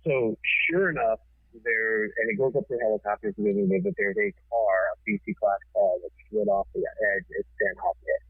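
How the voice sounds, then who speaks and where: A forceful man tells a wild story with casual swearing. His voice is low and husky and sounds tinny, as if over a phone line. The sound is dry and close. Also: fairly even intonation, normal speed, no room sound. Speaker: TV producer, podcast guest.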